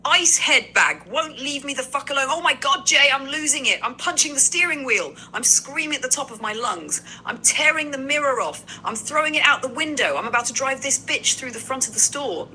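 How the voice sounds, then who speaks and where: A woman's voice: sits high, lively intonation, a little fast, hardly any pauses, bright, forceful tone, slight background noise, low-quality recording. A synthetic woman's voice, an AI assistant, speaking in conversational replies and addressing the host by name. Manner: profane, talks straight to the host by name.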